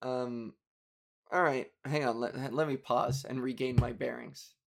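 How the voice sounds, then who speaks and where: A man's voice: medium pitch, steady tone, unhurried, creaky. A young man hosting a podcast, rambling through a story in a profane, self-mocking way with bursts of exasperation. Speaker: podcast host. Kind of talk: casual podcast monologue.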